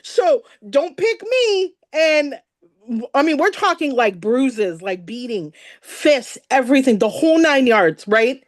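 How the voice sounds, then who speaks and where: A woman speaker telling her own life story to an event audience, animated and emotional, laughing at times and with her voice sometimes breaking. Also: high voice, a little slow, no echo, studio quality. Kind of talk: personal story told on stage.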